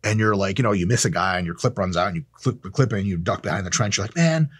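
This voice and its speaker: A man's voice: low-pitched, quick pace, a bit bright, slightly rough, dry recording, studio quality. A man in his thirties hosting a casual, profane monologue to camera, sarcastic and blunt. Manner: profane, sarcastic, acts out quoted people in silly voices. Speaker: host. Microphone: camera mic, close.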